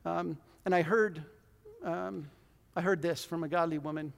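A man in his forties preaching a conversational, self-deprecating sermon in a church hall, with sudden loud bursts. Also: fairly high pitch, steady tone, a little slow, creaky. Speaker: pastor.

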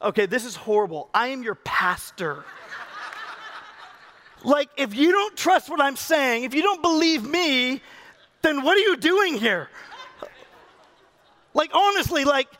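A pastor with a very high, sharp voice preaches a sermon in a conversational, joking way with his congregation. He calls people up and coaxes them onto the stage.

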